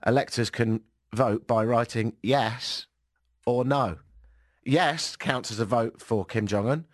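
A man's voice: medium pitch, takes it slowly, dry recording, studio quality. A man hosting a radio show in casual chat, with a wry, sarcastic way of talking.

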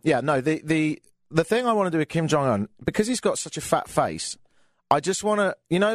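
A young English man hosts a live radio show with a casual, joking delivery. His pitch leaps up and down freely as he riffs. The sound is dry and close, with no room around it. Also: dry recording. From England. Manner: chatty and sardonic, with frequent fillers and jokey asides. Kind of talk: casual comedic radio monologue.

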